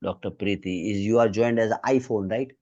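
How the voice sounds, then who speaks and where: A man's voice: on the low side, moderate pace, mellow, lo-fi sound. Patient Indian man tutoring medical exams. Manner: patient, drills students one item at a time. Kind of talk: online quiz lesson.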